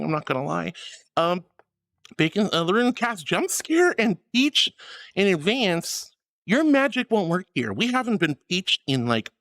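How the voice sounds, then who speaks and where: Woman streamer, casual chat, bubbly and giggly, very animated pitch, soft music underneath. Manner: bubbly, giggly and emotional, greeting chatters warmly.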